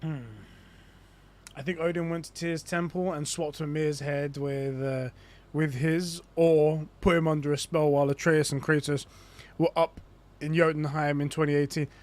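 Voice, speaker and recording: A man's voice: a little high, little pitch movement, moderate pace, darkish tone. A young adult man chatting casually on a live stream, theorizing in a rambling way with lots of restarts. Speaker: gaming streamer.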